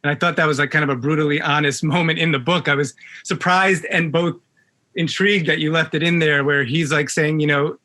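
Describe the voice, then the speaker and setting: Bright-voiced man asking rambling questions. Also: on the high side, fairly even intonation, fairly quick. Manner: long, hedging questions full of fillers. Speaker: interviewer. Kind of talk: casual interview questions.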